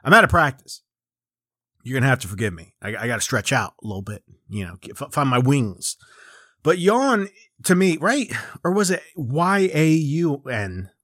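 A man in his forties hosts a comedy chat in a rambling, self-mocking way and swears freely. His voice sits at a middling pitch, and the recording is dry and close. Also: big pitch swings, normal speed, bright, forceful tone, no room sound. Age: 40s. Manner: rambling, profane, self-mocking, with lots of restarts and riffs.

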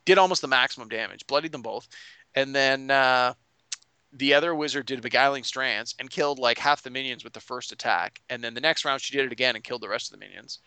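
Crisp-voiced game master, casual recap. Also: male voice, mid-range voice, quick pace, pushed and bright, no room sound. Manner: rambling, many restarts and fillers.

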